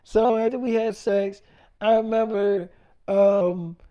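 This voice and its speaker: A man's voice: sits high, takes it slowly, clean tone. A man casually telling a profane story and acting out the arguments in it with lots of swearing. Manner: animated, acts out quoted arguments, lots of swearing.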